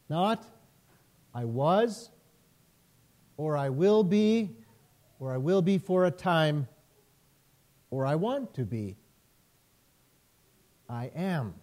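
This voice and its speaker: A man, a pastor, preaching a sermon in a measured way, repeating phrases with emphasis. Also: a little high, darkish tone.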